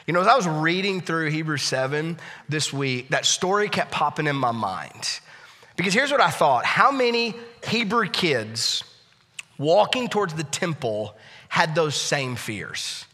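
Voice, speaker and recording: A man in his thirties preaching a sermon in a church, telling a story that shifts between hushed and loud. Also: a little high, sing-song, measured pace. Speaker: pastor. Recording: echoey church hall.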